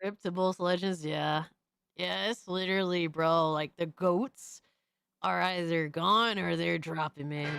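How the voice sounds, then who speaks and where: A young adult woman streamer doing profane, excitable reaction commentary, often shrieking in disbelief. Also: lowish voice, unhurried, vocal fry, clean tone.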